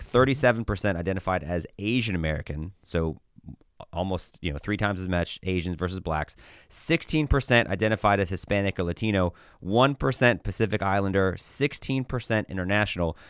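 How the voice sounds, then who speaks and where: Low, smooth-voiced podcast co-host man. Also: a little fast, no echo, clean studio sound. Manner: wry, explanatory, laughs at his own jokes. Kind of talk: political podcast talk.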